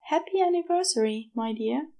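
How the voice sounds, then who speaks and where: A woman voicing a gentle, fond male angel in a podfic reading. He speaks in a soft, earnest, tender way. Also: high voice, animated, normal speed, voice pushed up.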